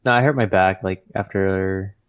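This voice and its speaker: A man's voice: deep voice, normal speed, smooth, dull audio. A man co-hosting a casual podcast chat, rambling loosely with lots of fillers. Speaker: podcast co-host.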